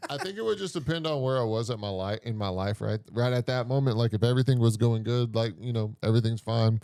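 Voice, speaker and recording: Warm-voiced man joking crudely on a podcast. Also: mid-range voice, quick pace, clear, resonant tone, dry recording, clean studio sound. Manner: joking, laughs often, trailing restarts. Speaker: podcast co-host. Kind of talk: crude casual banter.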